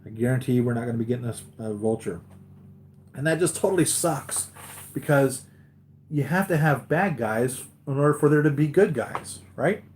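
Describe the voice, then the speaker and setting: A man's voice: mid-range voice, expressive, normal speed, darkish tone, slight background noise. A man hosting a live collectibles stream, chatting casually with viewers, tired after a sleepless night and rambling with many restarts.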